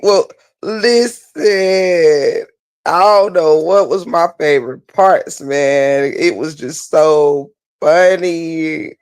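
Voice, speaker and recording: A man with a high voice, recorded without echo, hosts a casual recap for viewers. He laughs so hard he cries, drawls Southern slang, and calls everyone "child" and "baby."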